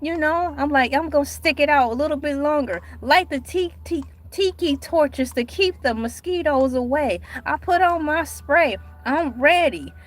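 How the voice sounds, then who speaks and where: A woman chatting casually on her livestream, animated and dramatic, with sudden cries and mock outrage. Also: high-pitched. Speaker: livestream host.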